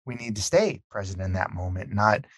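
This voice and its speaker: A middle-aged man, a podcast guest, telling stories in an earnest, animated way and acting out the dialogue he quotes. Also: on the low side, brisk, no room sound. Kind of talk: conversational storytelling.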